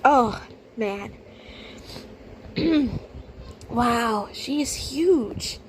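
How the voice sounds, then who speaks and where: A woman giving blunt, incredulous reaction commentary, swinging from low muttering to loud outbursts. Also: lively intonation, drawn-out words, noisy background. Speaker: reaction video host.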